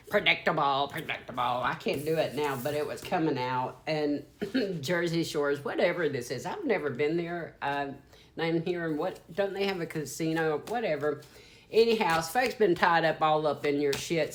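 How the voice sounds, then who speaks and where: A woman's voice: low voice, moderate pace, a little hiss or hum. A woman in her fifties with a Southern US accent, giving a rambling, frank and sometimes profane channeled tarot reading. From Deep South, USA. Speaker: psychic tarot reader.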